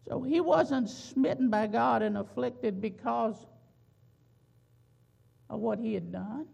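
A preacher delivering a sermon, slowing down to draw out and stress key words. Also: medium pitch, creaky, a little mellow, husky. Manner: slow, drawn-out emphasis on key words. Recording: dull lo-fi recording.

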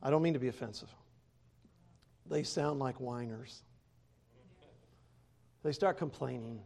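A man preaching a sermon, a former pastor, who swings from loud to quiet and laughs between points. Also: mid-range voice, a little slow, vocal fry.

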